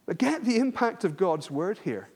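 Male preacher, high-pitched, earnest and emphatic sermon delivery. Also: sing-song, normal speed, darkish tone, husky. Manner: earnest, repetitive emphasis with frequent restarts.

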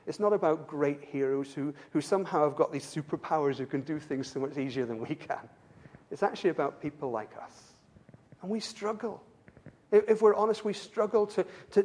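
High-voiced preacher, earnest sermon. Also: male voice, a little mellow. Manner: earnest, with frequent stumbling word repeats and rhetorical "don't we?".

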